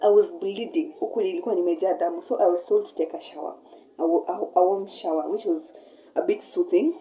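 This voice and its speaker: A young woman with a Kenyan accent telling a personal story in a casual, animated way, switching between English and Swahili mid-sentence. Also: on the low side, brisk, low-quality recording. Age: young adult. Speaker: vlogger.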